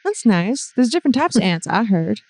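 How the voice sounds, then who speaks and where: A woman's voice: fairly high pitch, very animated, normal speed, dry recording. A woman playing in a tabletop game, giggly and playful in banter with the group. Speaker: player.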